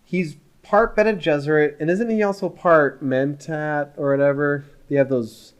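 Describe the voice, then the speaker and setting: A man co-hosting a film podcast, talking in an animated, chatty way and jumping between thoughts. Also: a little high, unhurried, clear, resonant tone. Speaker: podcast co-host. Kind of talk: casual film discussion.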